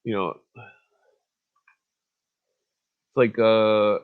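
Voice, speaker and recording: A man's voice: on the low side, level tone, a little slow, clear, resonant tone, narrow, tinny audio. A man hosting a podcast, ranting bluntly with lots of swearing and fillers, then reading an article aloud. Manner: profane, blunt, frequent fillers. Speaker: podcast host.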